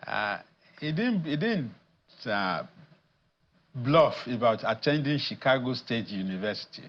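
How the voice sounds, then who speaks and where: Slow, measured man. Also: mid-range voice, sing-song, lo-fi sound. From Nigeria. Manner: measured, deliberate, pausing with frequent fillers. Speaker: guest analyst, addressed as professor. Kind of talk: studio news interview.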